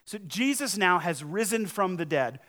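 A man preaching a sermon as pastor, talking to his congregation in a conversational, emphatic way, his loudness swinging widely. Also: high voice, animated, normal speed.

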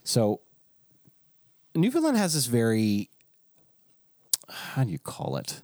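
A man's voice: medium pitch, huge pitch swings, slow, darkish tone, no echo, studio quality. A man who is a pastor, telling a story in casual chat with restarts and frequent chuckles.

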